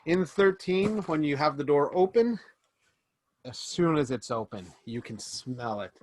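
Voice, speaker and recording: A man running a tabletop game as game master, narrating scenes with quick restarts and fillers. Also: a little high, expressive, a little mellow.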